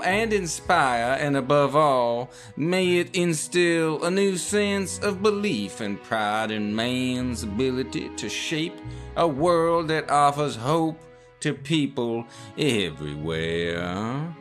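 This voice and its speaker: A man's voice: fairly high pitch, expressive, slow, fairly bright tone, faint music behind, pitched above the performer's own voice. A man voicing a pompous southern company executive giving a grand, stately dedication speech. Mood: grandiose.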